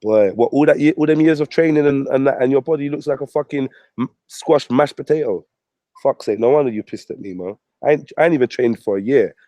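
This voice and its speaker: A man's voice: medium pitch, a little fast, dark tone, dry recording. A man ranting on his channel, mocking and swearing at a rival. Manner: profane, mocking, combative. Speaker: vlogger. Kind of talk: ranting commentary.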